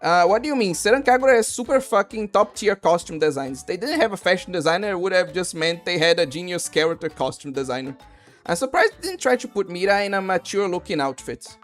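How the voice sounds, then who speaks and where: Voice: medium pitch, expressive, fast, soft background music. A game streamer chatting casually with viewers while playing, rambling with lots of fillers and restarts and joking loosely with the chat.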